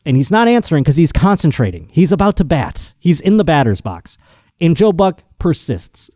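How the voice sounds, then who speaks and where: Profane, mellow-voiced male podcast host. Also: fairly high pitch, normal speed, dry recording, clean studio sound. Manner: profane, animated storytelling with impressions. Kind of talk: casual comedic monologue.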